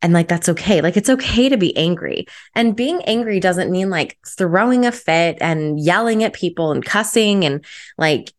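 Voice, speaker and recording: A woman's voice: fairly low pitch, lively intonation, moderate pace. A young adult woman hosting her solo podcast, chatty and upbeat, with lots of "like" fillers. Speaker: podcast host.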